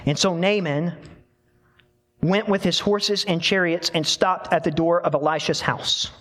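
A man preaching a sermon, telling a scripture story in an animated way and voicing the people in it. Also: fairly high pitch, measured pace. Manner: animated storytelling with dramatic voiced quotes. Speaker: pastor.

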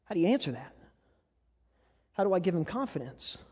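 A male preacher with a fairly high voice delivers his sermon with passion, at times sinking into hushed, personal tones. His words trail off into the long echo of a large sanctuary. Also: sing-song, a little fast, slightly rough. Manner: impassioned storytelling that drops to soft, intimate tones. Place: church sanctuary. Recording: long reverb of a large church hall.

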